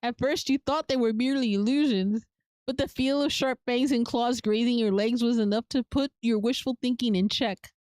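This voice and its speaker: A woman's voice: on the high side, normal speed, a little mellow, dry recording, studio quality. A woman streamer reading a story game aloud, narrating evenly and laughing at the scenes. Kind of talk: game narration and live reactions.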